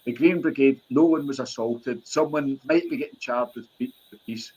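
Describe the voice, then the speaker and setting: A man giving a brisk, eyewitness-style recap as a podcast co-host, with a few restarts. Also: medium pitch, a little mellow, slightly rough, low-quality recording.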